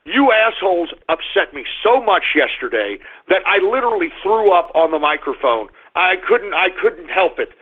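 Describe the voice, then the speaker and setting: A man's voice: high-pitched, very animated, moderate pace, few pauses. A man hosting a live radio show, griping and blustering at his listeners. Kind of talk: live call-in radio rant. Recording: tinny phone-like sound.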